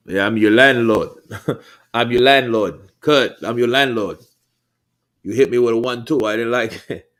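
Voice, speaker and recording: A man's voice: medium pitch, measured pace, a bit bright, pitched above the performer's own voice, close to an everyday voice. A man putting on a swaggering male boxer who brags and taunts. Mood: boastful. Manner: boastful, taunting, laughing.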